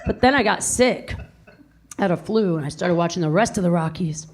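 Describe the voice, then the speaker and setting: A woman's voice: fairly low pitch, brisk. A woman doing a brash, profane stand-up set on a comedy club stage, into a handheld mic. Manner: brash, profane, animated storytelling. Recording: live club audience laughing. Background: crowd laughing and cheering.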